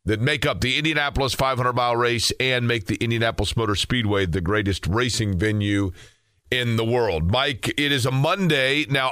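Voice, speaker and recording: A man's voice: mid-range voice, pushed and bright, no room sound. A man co-hosting a radio show in a studio, chatting casually and enthusiastically. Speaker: radio co-host.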